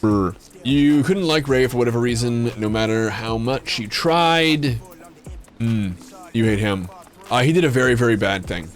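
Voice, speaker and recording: A man's voice: mid-range voice, normal speed, faint music behind. A male streamer casually chatting with viewers while playing a game. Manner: chatty, animated, talks to viewers.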